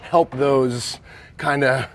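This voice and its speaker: A man coaching and interviewing a softball player, encouraging and rambling, with many restarts in his questions. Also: medium pitch, steady tone, drawn-out words.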